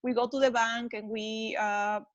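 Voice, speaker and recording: A woman's voice: on the high side, flat delivery, measured pace, dry recording, dull audio. A woman from Peru, chatting on a video call with many fillers. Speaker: mastermind member.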